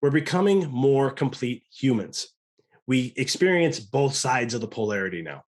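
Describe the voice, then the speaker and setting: A man's voice: medium pitch, expressive, normal speed, darkish tone. A man in his thirties, a guest on a podcast, talking casually and earnestly, with many restarts and quoted self-talk. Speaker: podcast guest, chiropractor and coach.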